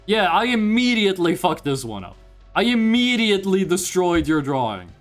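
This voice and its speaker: A man streaming live, chatting casually with viewers, hyped and swearing, reading chat aloud in a voice he pitches higher on stream. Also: very animated, moderate pace, soft background music.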